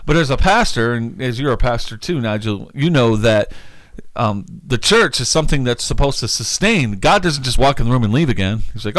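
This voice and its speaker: Male pastor co-host, animated and conversational, dry close sound, mid-pitched voice. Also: no echo. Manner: chatty and enthusiastic, quick to laugh. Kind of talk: casual church talk show chat.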